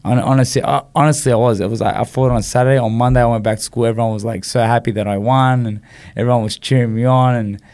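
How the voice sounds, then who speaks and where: Animated Australian man telling stories. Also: medium pitch, fast talker. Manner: animated storyteller, many "you know" fillers and restarts. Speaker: podcast guest. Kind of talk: casual storytelling interview.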